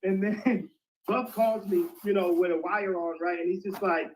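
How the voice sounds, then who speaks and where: High-voiced man rambling through laughter. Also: fairly even intonation, moderate pace, darkish tone, slight background noise. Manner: rambling, breaks into fits of laughter. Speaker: interview guest. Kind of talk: casual storytelling in an online audio chat. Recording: dull lo-fi online audio.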